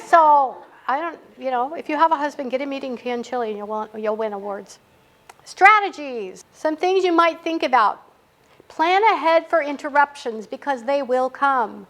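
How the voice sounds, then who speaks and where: A middle-aged woman giving a casual writing workshop in a library meeting room, chatty and full of anecdotes that she laughs at herself. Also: high-pitched. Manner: chatty, anecdotal, laughs at her own stories.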